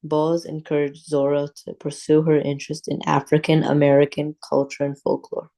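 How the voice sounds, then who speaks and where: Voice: mid-range voice, monotone, normal speed, dark tone. A student reading a passage aloud steadily and carefully, with little stress on individual words.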